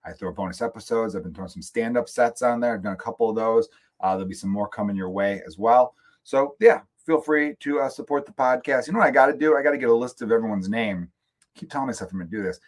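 A man's voice: medium pitch, fast. An American man hosting his own podcast, ranting casually with jokes, swearing and rambling asides into a close microphone. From United States. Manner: profane, joking, rambling asides. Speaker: podcast host. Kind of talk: casual solo comedic rant. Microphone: studio microphone, close.

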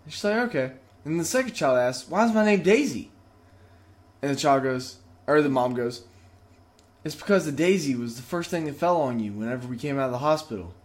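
Animated male co-host, slightly higher voice, curses freely. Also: a little fast. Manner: swears freely and laughs loudly. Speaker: podcast co-host. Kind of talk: casual joke-telling chat.

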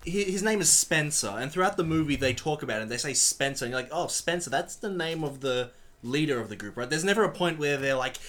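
A man's voice: a little high, expressive, fast, a bit bright. Chatty man co-hosting a podcast. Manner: chatty, explains details with restarts. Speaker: podcast co-host. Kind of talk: casual movie commentary chat.

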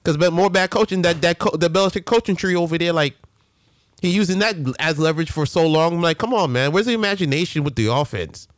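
A man hosting a casual sports rant, animated and full of slang and restarts. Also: on the high side, fairly quick, no room sound, clean studio sound. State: a little winded. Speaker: sports show host.

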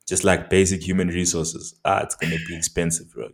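A man's voice: sits low, little pitch movement, a little fast, a little hiss or hum. A young South African man with a South African accent, chatting casually as a podcast co-host, laid-back and slangy with plenty of swearing. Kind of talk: casual chat.

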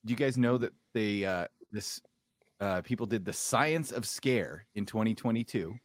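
A man's voice: lowish voice, moderate pace, no echo. A man hosting a podcast, joking and swearing as he steers the chat. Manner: joking, profane, steering the talk. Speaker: podcast host. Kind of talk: casual chat.

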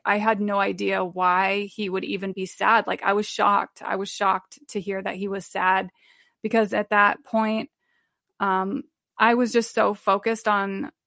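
A woman's voice: mid-range voice, gravelly, fairly bright tone, dry recording, studio quality. A woman guest telling her faith testimony in an earnest, rambling way, with many fillers and restarts. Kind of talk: sharing a personal faith testimony.

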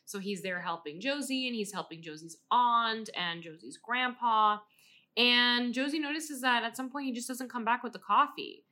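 A woman co-hosting a podcast, chatting casually about a book, animated and swearing freely as she acts out her reactions. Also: fairly high pitch, normal speed. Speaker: podcast co-host. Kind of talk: casual book-review chat.

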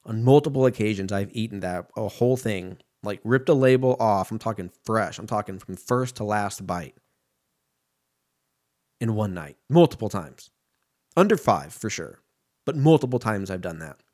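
A man's voice: lowish voice, lively intonation, normal speed, a little mellow. Profane rambling man in his thirties. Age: 30s. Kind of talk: casual rambling monologue.

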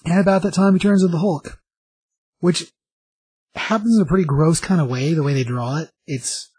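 A man's voice: a little high, darkish tone, breathy edge, no echo, low-quality recording. A man casually recapping a comic book plot, rambling along with many fillers and restarts.

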